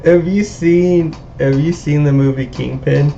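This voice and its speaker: A man's voice: on the high side, steady tone, a little slow, creaky, warm tone, a little hiss or hum. A man streaming a game and chatting over a voice call, a rambling storyteller who laughs at his own stories. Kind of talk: casual chat. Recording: dull lo-fi call audio.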